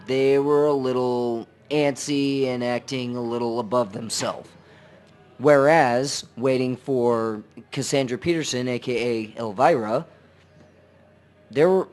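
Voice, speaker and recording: A man co-hosting a casual podcast chat, speaking directly to listeners with relaxed advice. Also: mid-range voice. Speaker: podcast co-host.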